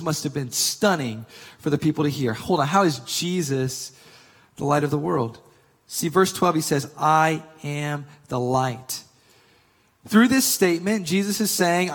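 A man preaches a sermon in a fairly high voice that rings with a long echo. He reads scripture slowly and rises with force on his key points, speaking as the church's pastor. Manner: emphatic preaching, slowing for scripture and rising on key claims.

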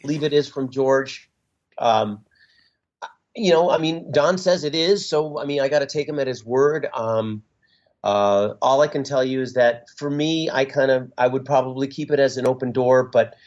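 A man's voice: medium pitch, a little mellow. Middle-aged male musician guest, thoughtful, hesitant delivery, dull lo-fi recording. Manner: halting, reflective, with frequent fillers and restarts. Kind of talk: casual interview talk. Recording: dull lo-fi sound.

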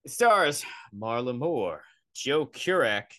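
A man's voice: medium pitch, big pitch swings, slow pace, a bit bright, no room sound. A young man hosting a podcast, ranting in a sarcastic, profane, rambling way into a close mic. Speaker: podcast host. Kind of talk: comedic solo rant.

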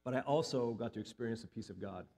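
A man's voice: medium pitch, quick pace, vocal fry, darkish tone. A male pastor in his thirties or forties giving a sermon, telling a personal story earnestly and building to emphatic peaks.

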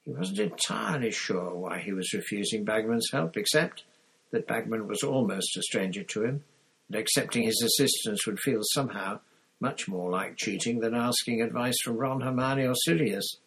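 Man reading a novel aloud, low voice, gravelly, husky, casual amateur reading with small slips. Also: moderate pace, fairly bright tone, low-quality recording. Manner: unpolished reading with small fillers and restarts. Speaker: audiobook reader.

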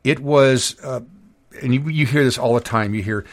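A man's voice: mid-range voice, moderate pace, no room sound. A man hosts a political talk podcast in an easy, rambling way, with plenty of fillers. His mid-range voice sits close to the mic in a very dry room. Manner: loose and conversational, with frequent fillers. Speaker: podcast host.

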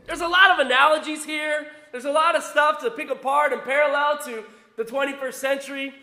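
A pastor, a man with young children, giving an emphatic, animated sermon mixed with a personal story. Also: very high-pitched, a little fast. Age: adult with young children. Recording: roomy echo.

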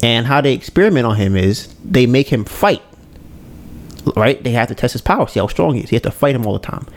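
A man chatting casually on a podcast, retelling a show scene by scene. He is an animated storyteller who slips into the characters' voices and checks in with his listeners as he goes. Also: medium pitch, a little fast. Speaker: podcast co-host. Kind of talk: casual chat retelling an anime.

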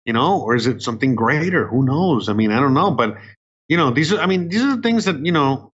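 A man's voice: medium pitch, animated, a little fast, a bit bright, breathy edge. A young man co-hosting a podcast, rambling and swearing in casual chat. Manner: rambling, profane, jokey. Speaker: podcast co-host. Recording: muffled lo-fi podcast audio.

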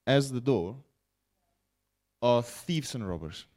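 A male preacher delivering a broadcast sermon at an unhurried, deliberate pace. His pitch swings widely as he builds points, then drops low. He checks in with his listeners now and then. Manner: animated, rising and falling preaching with frequent "okay?" asides. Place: broadcast teaching setting.

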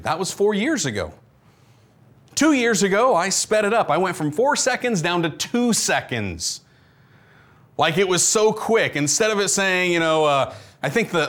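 An animated male pastor delivers a conversational sermon with a high, bright-sounding voice. His pitch leaps up and down expressively as he fires off rhetorical questions. The delivery stays lively and engaged.

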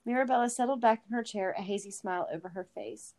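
A woman reading a story aloud in a relaxed, easygoing way, dropping in chatty asides to her listeners. She yawns now and then, and her voice sits at a middle pitch. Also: quick pace. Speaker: reader. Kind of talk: casual read-aloud of a story.

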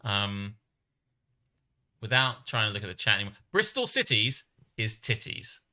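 An English man co-hosting a relaxed chat, swinging his pitch all over as he tells stories and laughs. His tone is very bright and cutting, and he often breaks into laughter or squeaky mock voices. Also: normal speed. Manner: animated storyteller, often laughing, jumps into high mock voices. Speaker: podcast co-host. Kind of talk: casual banter with laughter.

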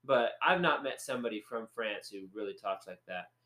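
A man's voice: on the low side, animated, brisk, sharp tone, roomy sound. A man co-hosting a podcast, chatting in a rambling, joking, playful way. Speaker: podcast co-host. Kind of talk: casual chat.

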